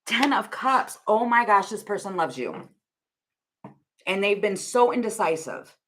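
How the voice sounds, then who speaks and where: A young woman talks casually to her camera as she reads tarot cards, thinking aloud and laughing often. She sits at a middle pitch for a woman. Faint noise runs under her voice. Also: sing-song, unhurried, a bit bright. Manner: giggly, rambling, thinks aloud with frequent laughs. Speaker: tarot reader.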